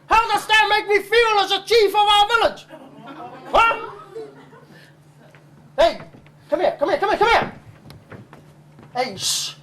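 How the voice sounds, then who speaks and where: A man's voice: extremely high pitch, lively intonation, slow pace, pauses often, bright, forceful tone, exaggerated voice. A man playing a stern father and village chief, scolding his son and barking "huh?" over and over. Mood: hectoring. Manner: scolding, bullying, repeats "huh?" constantly. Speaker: comic stage actor. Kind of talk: live comedy skit.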